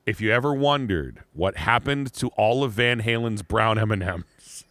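A man co-hosting a casual comedy podcast, rambling and animated, with lots of "like" and laughter. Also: lowish voice, moderate pace, no room sound. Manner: rambling, animated, frequent "like" and laughter, playful mock voices. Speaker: podcast co-host.

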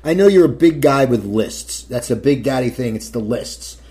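A man's voice: medium pitch, expressive, normal speed, dark tone. Guy interviewer, bouncy sing-song voice, cuts in eager with questions. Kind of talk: casual interview talk.

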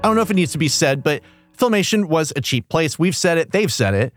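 A man co-hosting a casual chat, animated and laughing often. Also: on the high side, fast, no room sound, faint music behind. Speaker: podcast co-host.

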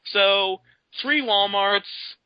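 This is a caller on a radio show, a man telling his story with mounting exasperation. His voice sits a bit high, and the sound is dry with a muffled, lo-fi broadcast quality. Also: extremely slow, clean tone, no echo.

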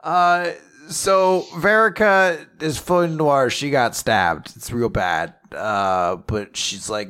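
A man casually recapping an anime chapter on a podcast, rambling with lots of fillers and quick paraphrases. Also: mid-range voice, fairly bright tone, smooth.

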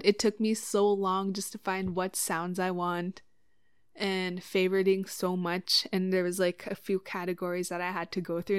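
A woman hosting a casual solo podcast, chatting about her streaming, swearing freely and getting animated when excited. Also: mid-range voice, clean tone, no room sound, clean studio sound. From Cree community in Canada. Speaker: podcast host.

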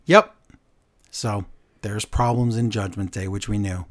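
A man co-hosting a podcast, recapping matches in casual, animated storytelling and putting on voices for the lines he quotes. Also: lowish voice, measured pace. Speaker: podcast co-host.

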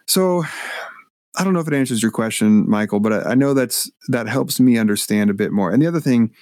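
A man, a guest author and minister, telling a story in a podcast interview with animated, halting delivery. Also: mid-range voice, dry recording, clean studio sound. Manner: animated, acts out voices when retelling, halting restarts.

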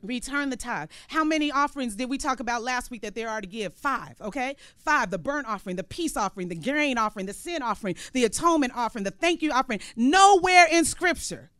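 High, bright-voiced woman preaching. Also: lively intonation, quick pace, hardly any pauses, no echo. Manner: call-and-response preaching, sudden loud emphasis. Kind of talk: sermon.

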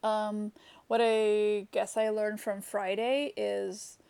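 A woman speaking to camera about her own experiences, candid and reflective. She talks slowly, with many fillers and restarts, and her voice has a gravelly edge. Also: mid-range voice, little pitch movement, mellow. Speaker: vlogger. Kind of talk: personal storytelling monologue.

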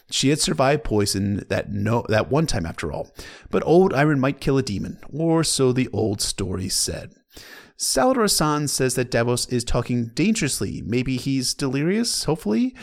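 A man's voice: medium pitch, vocal fry. A man retelling a book chapter in a casual, joking way, with slangy asides to the reader. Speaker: narrator recapping a book.

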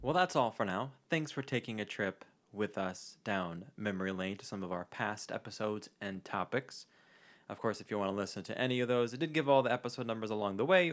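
A man's voice: lowish voice, fairly quick. A man hosting a podcast, chatting casually and rambling with fillers. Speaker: podcast host. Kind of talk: casual chat.

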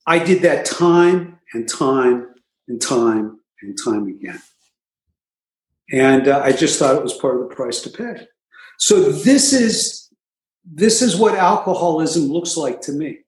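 A man's voice: a little high, expressive, measured pace. A man casually telling his recovery story, with wry, self-mocking humor and frequent asides. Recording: echoey room.

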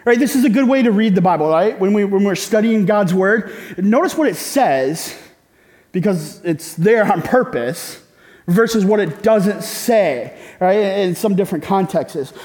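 A man's voice: high voice, lively intonation, unhurried, a little mellow, long reverb tail. A male pastor preaching a sermon in a conversational way, often tossing rhetorical questions to the congregation.

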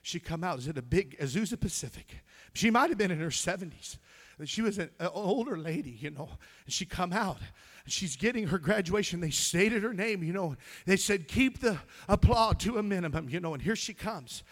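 A middle-aged pastor preaches loudly, calling out to his congregation in call-and-response, singing snatches of a song and laughing as he tells stories. His voice sits high and animated, at a moderate pace.

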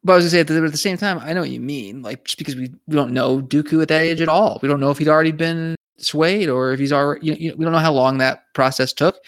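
A man co-hosting a casual podcast discussion, animated and talking in quick restarts and repeated words. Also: medium pitch, dry recording, studio quality. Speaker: podcast co-host.

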